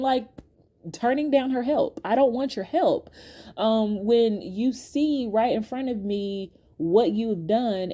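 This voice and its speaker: A woman hosting her own podcast, telling a storytime in a chatty, animated way and talking straight to her listeners. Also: fairly high pitch. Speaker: podcast host. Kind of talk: casual storytime to viewers.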